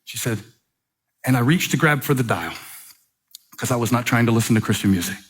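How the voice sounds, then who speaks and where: A man preaches to a church from the stage with a middle-pitched voice. He reads a letter aloud, stretching the pauses and building through repetition. His delivery stays steady and earnest as he carries the sermon. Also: breathy edge. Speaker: pastor. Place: church sanctuary.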